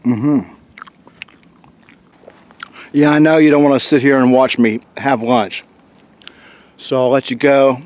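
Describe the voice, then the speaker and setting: A man's voice: medium pitch, slow, long pauses. Chatty man vlogging outdoors. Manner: relaxed, chatty, talks to the camera. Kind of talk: casual solo vlog. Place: outdoors in winter woods by a creek. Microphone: handheld camcorder mic.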